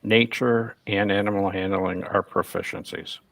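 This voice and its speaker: A deep man with a gravelly edge reads out his character's skills and rolls in a slow, halting way. The sound is dry and close. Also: steady tone, fairly bright tone, dry recording. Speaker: player. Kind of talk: casual tabletop game chat.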